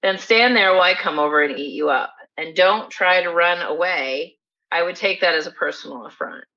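Woman reading as a hungry storybook troll, blustering then guilty, bright edge, dull lo-fi sound. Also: fairly low pitch, normal speed. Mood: bossy. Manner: growling threats, then pleading. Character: hungry blustering male bridge troll turned guilt-ridden. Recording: dull lo-fi recording.

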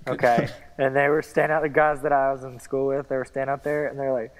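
A man's voice: mid-range voice, level tone, quick pace, crowd noise. A man from Arkansas co-hosting a podcast, teasing and playfully insistent in casual chat.

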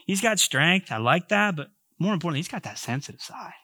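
A man's voice: high-pitched, lively intonation, a little fast, bright, forceful tone, dry recording, exaggerated voice. A man voicing a smitten young woman who coos dreamily over a strong suitor, as a humorous aside in a sermon.

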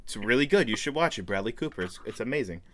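A man's voice: medium pitch, expressive, quick pace, crowd noise. Earnest man retelling a movie. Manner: earnest, enthusiastic movie talk, frequent fillers. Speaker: podcast host. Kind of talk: casual chat.

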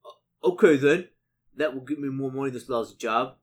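A slow-witted half ogre gate guard puzzles things out aloud, played by a man. His speech is loud and drawn out, a little further from the mic. It comes from a solo tabletop game session. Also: mid-range voice, natural voice. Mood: dim.

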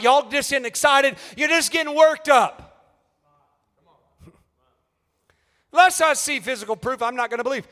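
A man preaching at a youth meeting, swinging from shouted appeals down to hushed, near-whispered lines. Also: very high-pitched, very animated, moderate pace. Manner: rises to shouted calls, then drops to near-whispers. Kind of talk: fiery sermon. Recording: reverberant church hall.

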